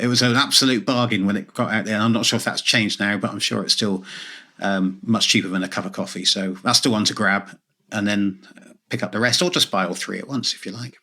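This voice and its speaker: A man with a bright, forceful voice chats as a guest author. He jokes about himself in an easy, relaxed way. His pitch sits on the low side. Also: fairly quick. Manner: self-deprecating, joking. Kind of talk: casual interview chat.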